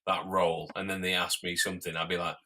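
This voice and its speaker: A low-pitched man chatting loosely on a podcast, laughing easily as he talks. His voice is deep with a bright, forceful edge. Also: flat delivery, fast talker. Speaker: podcast co-host. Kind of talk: casual chat.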